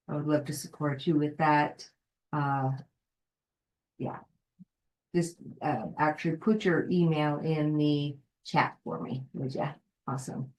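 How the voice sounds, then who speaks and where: A woman's voice: low-pitched, a little mellow, poor audio. A woman life coach on a live video call, cheering on participants by name and reading a passage aloud. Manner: encouraging, addresses listeners by name.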